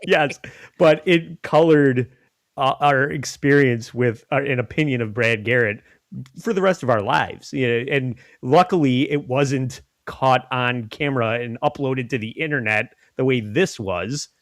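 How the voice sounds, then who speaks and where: A man's voice: mid-range voice, unhurried, no echo, clean studio sound. A man hosting a podcast in casual chat, rambling and often laughing. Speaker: podcast host.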